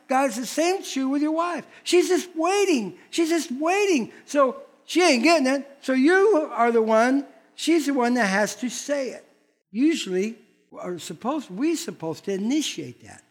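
An older man, a pastor, preaching a sermon in a folksy, blunt manner and acting out quoted voices. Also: very high-pitched.

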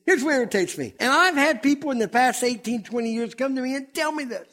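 A man's voice: extremely high pitch, lively intonation, fast talker, hardly any pauses, a bit bright. A middle-aged man preaching a sermon as pastor, fiery and emphatic.

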